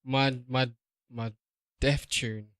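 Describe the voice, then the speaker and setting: A man's voice: medium pitch, steady tone, slow pace, a bit bright, clean tone, dry recording, clean studio sound. A man co-hosting a podcast, giggly and playful in casual banter with friends. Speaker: podcast co-host.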